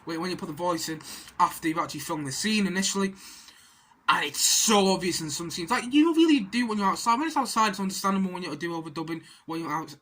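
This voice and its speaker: A woman's voice: on the low side, fairly bright tone. Exasperated rambling woman film reviewer. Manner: rambling, exasperated ranting with frequent restarts. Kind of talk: casual spoken film review.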